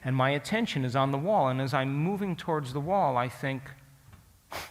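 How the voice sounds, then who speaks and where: A man giving a storytelling lecture to an audience, speaking in an animated way and often asking the listeners questions. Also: mid-range voice, a little fast, big-room sound, a little hiss or hum.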